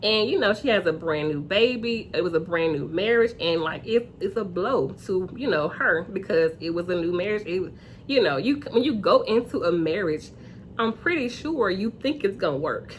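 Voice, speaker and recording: A woman hosting a casual reality TV recap, chatty and acting out quotes in high voices. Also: animated, moderate pace, a little hiss or hum.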